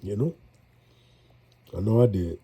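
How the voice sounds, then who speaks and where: A congested man with a New drawl talks viewers through his cooking in a loose, folksy ramble. His voice is very dark and a touch husky. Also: on the low side, expressive, measured pace. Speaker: home cook. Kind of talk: casual cooking vlog.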